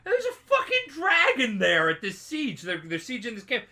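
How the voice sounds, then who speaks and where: This tipsy young podcast co-host has a very high-pitched voice and talks at a normal speed. He rambles and swears, animated as he casually retells a story.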